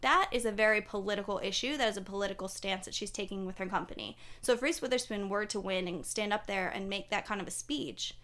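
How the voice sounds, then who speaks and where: A woman's voice: mid-range voice, fast talker, hardly any pauses. Chatty young woman podcast host. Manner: chatty, animated, many fillers and laughs. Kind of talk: casual pop culture chat.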